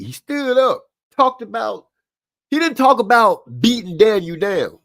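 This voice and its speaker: A man's voice: high-pitched, lively intonation, unhurried, a bit bright. A man hosting a live stream, giving rambling, casual boxing commentary with lots of asides.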